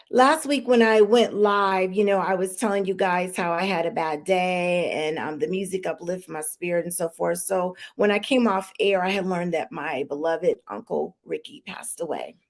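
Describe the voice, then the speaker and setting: A woman's voice: lowish voice, a little slow. A woman hosting a live-streamed talk show, chatty and emotional with many fillers and restarts, holding back tears. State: tearful, holding back crying.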